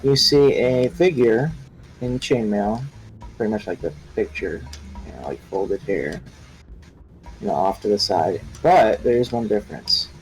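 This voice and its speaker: Slow, halting man at the game table. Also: lowish voice, lively intonation, faint music behind, low-quality recording. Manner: halting, unhurried. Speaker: player.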